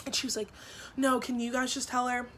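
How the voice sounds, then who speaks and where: A young woman in her twenties vlogging a storytime, retelling events in a lively way with lots of "like" and acted-out quotes. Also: a little high, brisk. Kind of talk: storytime vlog.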